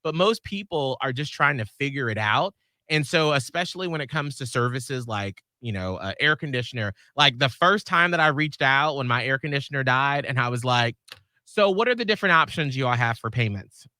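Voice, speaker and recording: A man's voice: medium pitch, expressive, brisk, pushed and bright, dry recording, clean studio sound. A man co-hosting a radio show, chatting casually and reflecting on his own experience. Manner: supportive listener, adds short remarks and reflects on his own experience. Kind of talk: casual chat.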